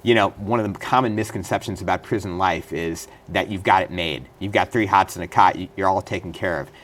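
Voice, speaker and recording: A man's voice: low-pitched, brisk, fairly bright tone, a little hiss or hum. A middle-aged man, a guest in a studio interview, telling detailed stories earnestly with occasional restarts. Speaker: interview guest, former state senator and prisoner.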